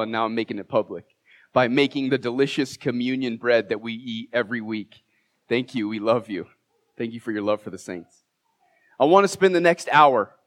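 A man preaching from the pulpit of a church, his voice sitting at an ordinary middle pitch. He speaks with open emotion and warmth toward his congregation, cracking jokes at his own expense. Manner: emotional, heartfelt, self-deprecating humor. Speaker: pastor. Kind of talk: sermon. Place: church sanctuary.

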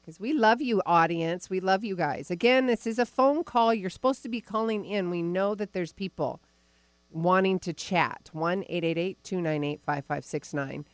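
A woman's voice: lowish voice, normal speed, dry recording. A woman hosting a live spiritual talk radio show, bubbly and enthusiastic, chatting into a studio microphone. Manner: bubbly, enthusiastic, laughs often. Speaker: radio show host and psychic reader.

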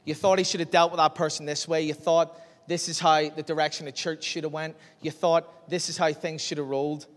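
A man preaching a sermon, telling a Bible story in a lively way and acting out its scenes. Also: on the high side, a little fast. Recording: long reverb of a large hall.

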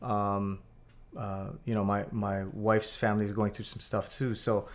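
A man's voice: lowish voice, flat delivery, measured pace. A man in casual conversation, talking in a reflective, hesitant way with many fillers.

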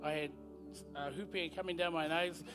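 A man giving an earnest, halting testimony at a church service. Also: fairly high pitch, steady tone, over music. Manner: earnest, halting, repeats words as he speaks. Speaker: guest speaker sharing his testimony.

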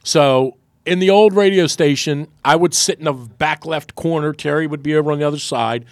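A man's voice: brisk, dry recording, studio quality. A man, a radio host, telling a story in casual chat and acting out the quotes. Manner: animated storyteller, acts out quotes with big pitch jumps.

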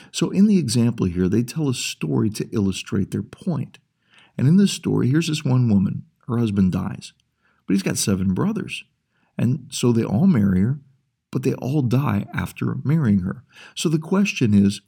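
A man's voice: medium pitch, creaky, mellow, slightly rough. A man preaching a sermon as pastor, explaining his points at length and posing rhetorical questions.

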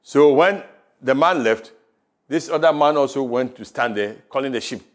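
A man with a Ghanaian English accent preaching a sermon, with rising emphasis and quiet drops. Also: medium pitch, normal speed. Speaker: pastor. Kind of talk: radio sermon. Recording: radio broadcast.

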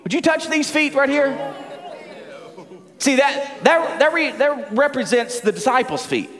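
A Southern US man in his forties preaches with a noticeably high voice and an animated, joking delivery. He stumbles and repeats words as he goes. His voice rings out with a long reverb. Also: a little slow, a faint crowd. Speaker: pastor. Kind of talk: sermon. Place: church sanctuary.

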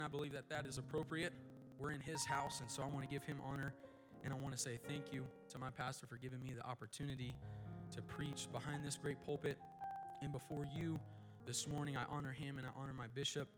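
A man preaching a sermon from a church pulpit as a guest speaker, his throat sore, moving between a steady teaching voice and loud, fervent prayer. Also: fairly high pitch.

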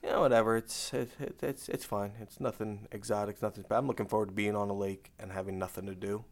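Low, even-toned American man, middle-aged, relaxed dry podcast co-host. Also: fast. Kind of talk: casual chat.

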